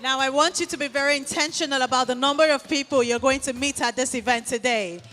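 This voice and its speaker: Upbeat high-voiced woman emceeing. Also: quick pace, bright, forceful tone, faint music behind. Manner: upbeat, encouraging. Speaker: event co-host. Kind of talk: live event hosting. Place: large event hall. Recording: long hall reverb.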